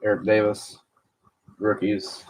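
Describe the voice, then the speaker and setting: Speaking slowly in a low, monotone, slightly mellow voice, a man chats on a live stream about his baseball cards, reading and answering viewers' comments in a rambling way. There's slight background noise.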